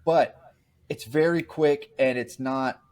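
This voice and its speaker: A man's voice: mid-range voice, slow, a little mellow. A man chatting casually on a podcast, reviewing a horror film in a rambling way, often repeating himself and restarting sentences. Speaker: podcast co-host. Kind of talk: casual movie review chat.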